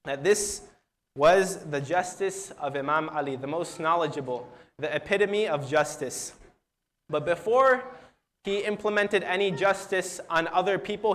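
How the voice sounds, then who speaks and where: Young male speaker, high voice, earnest storyteller at a youth gathering, restarts his words. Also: a bit bright. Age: young adult. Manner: earnest storyteller who acts out quoted dialogue. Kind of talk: religious storytelling talk.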